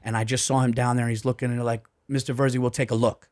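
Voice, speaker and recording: A man, a comedian on a podcast, telling a story in an animated, profane way and acting out the voices of the people in it. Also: medium pitch, racing. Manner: profane, excitable, acts out voices. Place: podcast studio. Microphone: studio mic.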